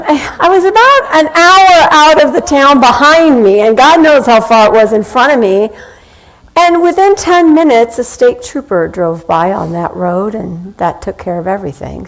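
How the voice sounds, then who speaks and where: A woman minister giving a sermon in a conversational, anecdotal way, slowing down with deliberate pauses. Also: a little high, low-quality recording.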